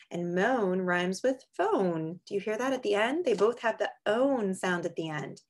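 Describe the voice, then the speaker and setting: Lively sing-song woman teacher reading aloud. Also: mid-range voice, measured pace, few pauses. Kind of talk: reading a picture book aloud to young children.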